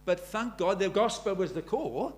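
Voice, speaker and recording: A man's voice: sits high, animated, moderate pace. A man in his seventies preaching a sermon, pressing his congregation with earnest rhetorical questions. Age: 70s. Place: church.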